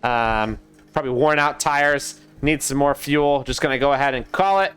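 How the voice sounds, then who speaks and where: A young man casting a sim racing league live, chatty and excitable, talking to his co-caster and to the chat. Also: medium pitch, moderate pace, clear, resonant tone. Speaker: race caster.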